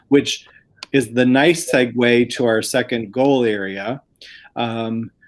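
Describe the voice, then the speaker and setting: Over a video call, a school district administrator lays out plans for a planning group, his mid-range voice earnest and explanatory.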